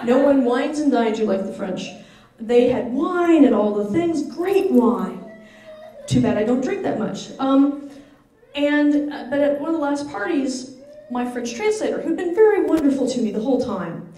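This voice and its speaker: Lively high-voiced American woman, echoey room. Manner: lively, animated, laughs often. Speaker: author at a book signing. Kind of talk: storytelling to a live audience. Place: bookstore event room. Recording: echoey room, distant mic.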